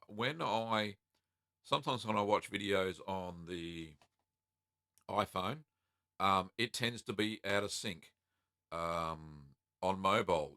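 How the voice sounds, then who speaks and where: A middle-aged Australian man from South Australia hosting a live cheese-making Q&A, reading out viewer comments in a relaxed, friendly way with many ums and uhs. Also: sits low, dry recording, studio quality. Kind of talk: casual live-stream chat reading comments.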